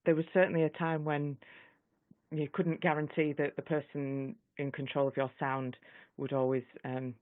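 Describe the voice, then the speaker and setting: A man's voice: a little high, flat delivery, moderate pace, dry recording. Male host on a tinny, dry call line. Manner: brief affirming interjections. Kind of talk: live online interview.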